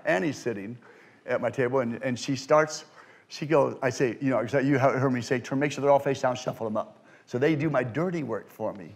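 A man speaking to a student audience as a card magician, telling stories with halting restarts and acting out the quoted voices. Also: mid-range voice. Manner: animated storyteller, acts out quoted voices; halting restarts and repeated words. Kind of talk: storytelling lecture with Q&A. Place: lecture room before a student audience.

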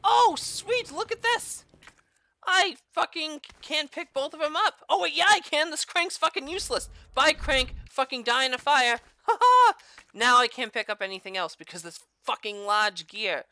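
Young woman streaming a horror game, super bright voice, swears constantly, yelps when stuff jumps out. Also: high-pitched, sing-song, moderate pace. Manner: crude, swears a lot, jokey; yelps and shouts when startled. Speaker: gamer playing a horror game. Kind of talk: let's play commentary.

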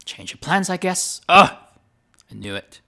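Male streamer, casual game commentary, animated pitch, bright tone, desk microphone. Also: measured pace, creaky. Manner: chatty, laughs often, self-correcting. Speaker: gaming streamer.

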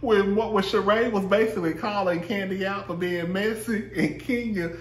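A man's voice: sits high, normal speed, fairly bright tone, echoey room. A man casually recapping a reality show, sassy and profane, laughing often and mimicking the cast. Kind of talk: casual chat.

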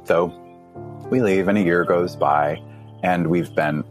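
A man on a podcast, telling a story in a casual, animated way, laughing often and jumping up in pitch as he acts out his younger self. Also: slow, pauses often, faint music behind. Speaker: podcast guest.

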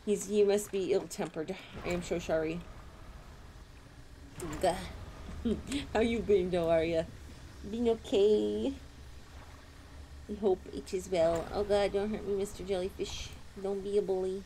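A young adult woman streaming a game, chatting playfully with viewers, giggling and squealing as her pitch swoops up and down. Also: steady tone, unhurried, long pauses, dark tone, a little hiss or hum. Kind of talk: casual live-stream game commentary.

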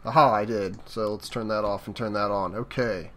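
A man hosting a let's play, giving casual gameplay commentary and swearing loudly at setbacks. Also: on the low side, fairly even intonation, moderate pace, slight background noise.

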